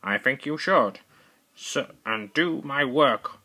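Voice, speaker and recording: A man's voice: medium pitch, animated, takes it slowly, bright, forceful tone, slightly rough, exaggerated voice. A man voicing a scheming quacking evil duck. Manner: grandiose, quacking between words.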